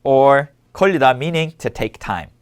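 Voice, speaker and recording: A man's voice: medium pitch, lively intonation, fast. A man teaching a language lesson, explaining words patiently and asking listeners to repeat after him. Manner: clear, patient instructional delivery. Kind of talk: scripted language lesson narration.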